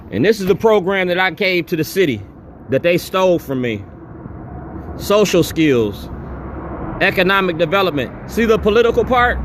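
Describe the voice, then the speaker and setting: A man's voice: high-pitched, slight background noise. A man giving a defiant, confrontational speech at a town hall, repeating his demands. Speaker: activist speaking at a town hall. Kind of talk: impassioned public speech.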